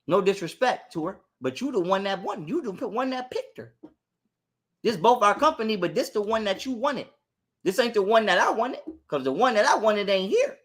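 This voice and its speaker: A man telling a story in casual chat, animated and profane, getting heated as he goes. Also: sits high, moderate pace.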